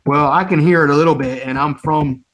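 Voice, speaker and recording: A man's voice: on the high side, fairly even intonation, fairly quick. Chatty, rambling man from the Philadelphia area. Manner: rambling, chatty and often laughing. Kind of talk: casual chat.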